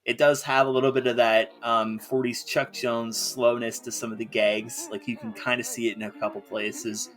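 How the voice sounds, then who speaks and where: A man chatting casually as a co-host reviewing old cartoons, measured and opinionated with dry humor. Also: mid-range voice, little pitch movement, a bit bright, faint music behind. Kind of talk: casual chat.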